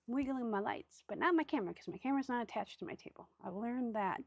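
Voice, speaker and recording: A woman's voice: on the high side, expressive, a little fast, gravelly, no room sound, highs cut off. A woman hosting a casual crafting video, chatty and self-mocking, often dropping to a murmur as she works. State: hiccups. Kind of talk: casual craft tutorial chat. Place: craft table indoors.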